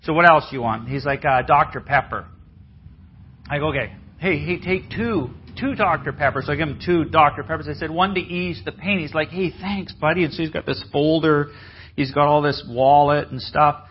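A man telling a story in a conference sermon, acting out the people he quotes in a lively way. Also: fairly high pitch, a little fast, slight background noise. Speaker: conference speaker. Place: church hall. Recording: dull, muffled audio.

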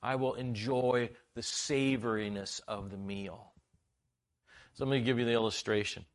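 A middle-aged man preaching a sermon, telling a family story and acting out its voices with lively energy. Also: medium pitch, normal speed. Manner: animated, acts out the story in funny voices.

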